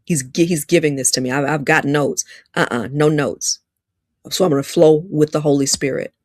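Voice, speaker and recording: A woman leads a lively teaching talk in a playful, preacher-like way, repeating her key lines for emphasis. Her voice sits fairly low. The sound is dry and close, with no room echo. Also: moderate pace. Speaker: relationship teacher and host.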